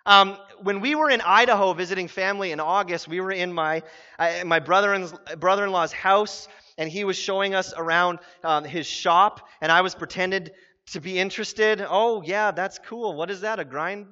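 A man in his thirties preaching a sermon as pastor, telling stories with quick voiced asides. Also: high voice, bright, forceful tone. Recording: muffled sound in a reverberant hall.

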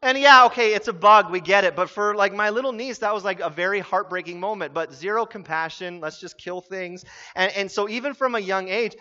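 A man in his thirties preaching a sermon as pastor, telling stories with quick voiced asides. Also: high voice, bright, forceful tone. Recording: muffled sound in a reverberant hall.

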